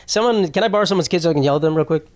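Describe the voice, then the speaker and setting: Speaking rapid-fire in a slightly high voice, the young podcast host goes solo, drifting loosely from topic to topic. Jokes and swearing pepper his casual rambling.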